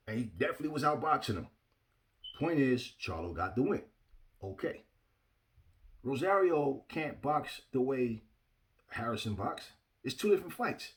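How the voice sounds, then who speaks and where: A man's voice: mid-range voice, very animated, normal speed, fairly bright tone. A man giving casual boxing opinions to his viewers, blunt and emphatic, often repeating himself and speaking to the audience directly. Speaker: boxing commentator.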